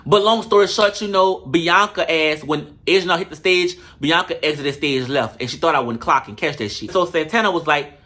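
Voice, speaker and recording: High, bright-voiced man roasting a show. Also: normal speed, hardly any pauses. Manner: animated, profane and sassy, with bursts of laughter. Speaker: reality show reviewer. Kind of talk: casual comedic show recap.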